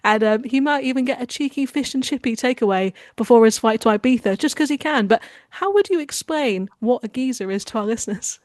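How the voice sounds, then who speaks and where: A woman's voice: on the high side, brisk, hardly any pauses, darkish tone. A woman hosting an interview, asking questions in a playful, enthusiastic way. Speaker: podcast host. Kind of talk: casual interview chat.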